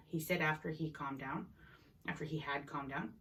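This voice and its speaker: A woman's voice: low voice, steady tone, normal speed, a bit bright. A woman reading a novel chapter aloud in an unpolished way, with small slips and restarts. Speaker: reader. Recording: voice a bit distant from the mic.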